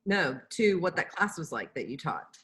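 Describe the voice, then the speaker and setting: A woman's voice: low voice, very animated, normal speed, a bit bright. A woman co-hosting a podcast in casual chat, blunt and casually profane.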